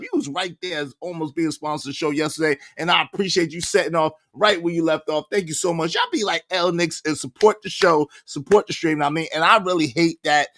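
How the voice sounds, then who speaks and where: A man hosting a livestream, chatting casually with an animated, slangy delivery and rhythmic shout-outs to the chat. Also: a little high, gravelly, no echo, studio quality. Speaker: livestream host.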